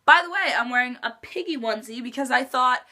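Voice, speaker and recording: A woman's voice: high-pitched, quick pace, sharp tone. A teenage girl vlogging in a chatty storytime style, full of "like" fillers. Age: teens. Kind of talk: casual storytime chat.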